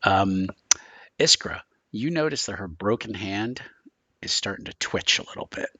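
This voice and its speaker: A man's voice: fairly low pitch, expressive, normal speed, bright, forceful tone, husky, dry recording. A man running a tabletop role-playing game as game master, talking in a loose, chatty way and laughing along with his players.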